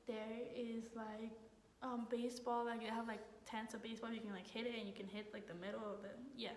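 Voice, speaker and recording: A woman's voice: on the high side, fairly quick. Rambling young woman in echoey room. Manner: rambling, heavy use of "like", excited retelling. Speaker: college student vlogger. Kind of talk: casual storytelling. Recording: echoey room, faint noise.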